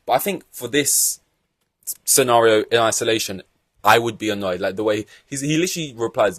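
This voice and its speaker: A young man hosting a casual solo podcast, talking in an animated, exasperated way and swearing freely. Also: mid-range voice, a little fast, no echo. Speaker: podcast host.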